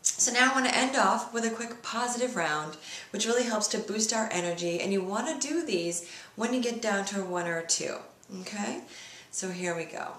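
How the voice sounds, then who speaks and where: A woman leading a guided tapping lesson, speaking slow repeat-after-me phrases as a coach. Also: mid-range voice, lively intonation, fairly bright tone, reverberant.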